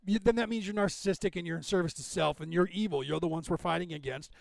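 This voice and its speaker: High gravelly-voiced middle-aged man. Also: fast. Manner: rambling, swears freely, animated storyteller. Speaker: podcast co-host. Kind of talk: casual chat.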